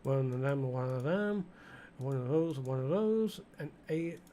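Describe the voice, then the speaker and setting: Medium in pitch, expressive, unhurried and mellow, this man's voice comes with slight background noise. In his casual let's-play commentary, the middle-aged East Midlands English gaming channel host rambles and chats, full of fillers, to the game's customers as he plays.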